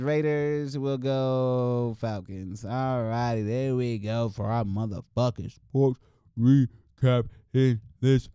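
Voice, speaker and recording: A man's voice: mid-range voice, mellow, clear, resonant tone, no echo, studio quality. A young man hosting a sports podcast, talking casually and loosely, joking and swearing a lot as he runs through games. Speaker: podcast host.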